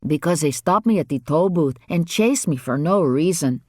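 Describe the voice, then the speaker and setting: A man's voice: on the high side, lively intonation, normal speed, dry recording, clean studio sound. A man voicing a frightened young Hispanic man on the run, speaking broken English with a heavy Spanish accent. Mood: nervous. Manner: broken English, nervous and evasive.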